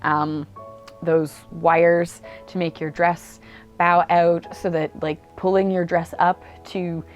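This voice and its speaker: A woman with a slightly low voice, chatting through her monthly reading on camera at home. She is enthusiastic and filler-heavy. Faint music plays underneath. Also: little pitch movement, takes it slowly, dull audio. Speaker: book vlogger. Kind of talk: casual book review monologue. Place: indoors at home. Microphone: camera mic.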